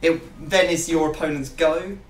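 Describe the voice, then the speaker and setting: A man's voice: on the high side, steady tone, normal speed, echoey room, distant mic, slight background noise. A young man hosting a gaming video, chatting casually and rambling with self-mocking jokes. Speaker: YouTube gaming host.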